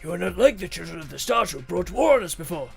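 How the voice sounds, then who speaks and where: A man voicing a small, timid old hermit, wary and pleading, with drawn-out hums. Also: sits high, big pitch swings, gravelly, over music, pitched below the performer's own voice, exaggerated voice. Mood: solemn. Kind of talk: game dialogue read-aloud.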